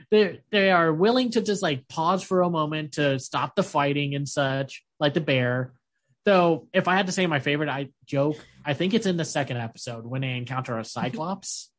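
Male host, casual anime review, lively delivery, frequent laughter. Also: on the high side, moderate pace. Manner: animated, acts out scenes in goofy voices, laughs often. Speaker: podcast host.

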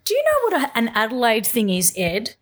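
An Australian woman co-hosting a podcast, asking lively questions in casual chat. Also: on the high side, a little fast. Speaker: podcast co-host.

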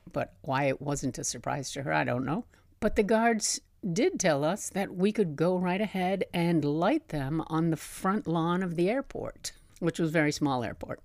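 A middle-aged woman shares memories from a long-ago trip in a chatty, storytelling way, breaking into laughs and asides. Her voice sits low in pitch. The sound is dry and close, with no room around it. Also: a little mellow, dry recording. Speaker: podcast host. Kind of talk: personal travel memoir storytelling.

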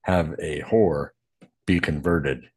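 A man's voice: a bass voice, takes it slowly, a little mellow, breathy edge. A man co-hosting a podcast in casual chat, mostly giving short replies and laughing along. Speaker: podcast co-host.

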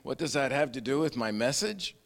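A man's voice: medium pitch, lively intonation, brisk, creaky, in a large hall. A man preaching a sermon, fervent in his appeals and easygoing and self-deprecating in his asides. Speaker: pastor.

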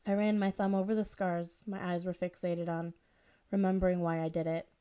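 Woman, author, reads her own fan fiction aloud, steady, plain delivery. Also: on the low side, a little fast, smooth. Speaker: author and reader.

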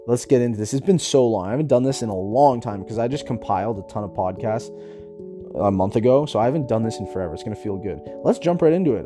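A man hosting a casual podcast, talking through a self-help book in an upbeat, chatty way, with a slightly rough morning voice. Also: fairly low pitch. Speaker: podcast host.

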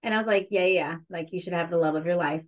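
Reflective, candid woman talking low. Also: dull audio. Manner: candid, reflective, drawn-out emphasis. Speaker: interview guest. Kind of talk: casual interview chat.

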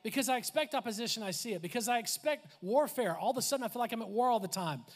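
A man with a high voice preaches in a lively, conversational way. He laughs, adds asides and acts out quoted voices as he speaks. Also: rapid-fire. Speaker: pastor. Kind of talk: sermon.

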